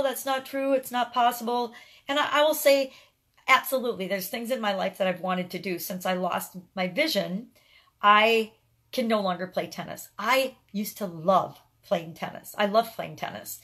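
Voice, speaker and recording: A woman's voice: medium pitch, fairly bright tone. Upbeat middle-aged woman vlogging. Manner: earnest and upbeat, repeats words at the start of phrases. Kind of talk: casual motivational talk to camera.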